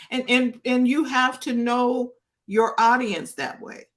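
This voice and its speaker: A woman's voice: on the high side, steady tone, slow pace, a bit bright. A woman co-hosting a casual business chat, reading out viewer comments and chatting with some hesitation. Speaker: co-host. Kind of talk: casual live-stream chat.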